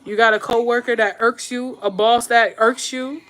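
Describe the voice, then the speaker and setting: A woman's voice: on the high side, steady tone, moderate pace, a bit bright. A woman streamer giving casual, blunt advice to her viewers while doing her makeup, slangy and emphatic, repeating her points for stress. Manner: slangy, addresses viewers directly. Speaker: YouTube streamer and podcaster.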